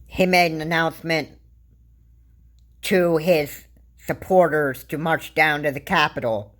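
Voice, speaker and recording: In a relaxed political commentary, a woman vlogger speaks slowly in a low voice. Her thoughts wander and stall, punctuated by fillers and repeated restarts.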